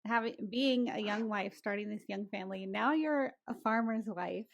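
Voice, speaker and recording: A woman hosting a podcast, asking gentle questions and affirming her guest. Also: medium pitch, normal speed, gravelly, no echo. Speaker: podcast host. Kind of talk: casual interview.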